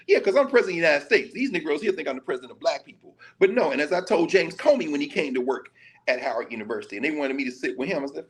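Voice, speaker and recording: A man from Nashville, a professor talking in lively conversational commentary, telling stories with quoted dialogue and casual vernacular. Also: fairly high pitch, fast. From Nashville, Tennessee. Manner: animated storytelling, slipping into quoted dialogue and casual Black vernacular.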